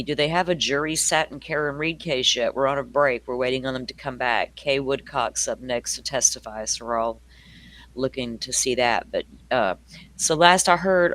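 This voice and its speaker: A man's voice: medium pitch, a bit bright. An older man with a Southern US accent, hosting a true crime livestream and chatting casually with viewers, laughing often and greeting them by name. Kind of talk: casual chat with live viewers.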